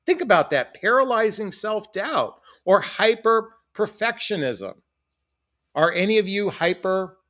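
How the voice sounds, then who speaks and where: A man's voice: a little high, a bit bright. A middle-aged man, a dating coach, talking earnestly and reflectively to his viewers from a room at home. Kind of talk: direct-to-camera advice talk. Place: home room with family photos behind.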